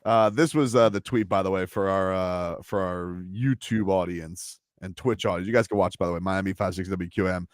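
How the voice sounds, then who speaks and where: A man co-hosting sports talk radio, measured and wry, teasing his co-workers in casual talk. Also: sits low, no room sound, studio quality.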